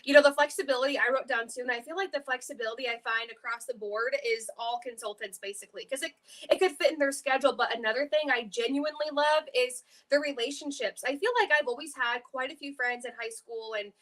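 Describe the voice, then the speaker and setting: A woman's voice: high-pitched, fast talker, few pauses, fairly bright tone. A young woman on a video call, talking in an earnest, upbeat way. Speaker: co-host of a live sales event. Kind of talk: casual live video chat.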